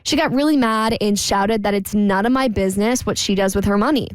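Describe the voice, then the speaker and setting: A woman co-hosting a radio talk show, reading a listener's letter aloud in a lively, chatty way. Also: mid-range voice, a little fast, clear, resonant tone, no room sound. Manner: lively, chatty, laughs between lines.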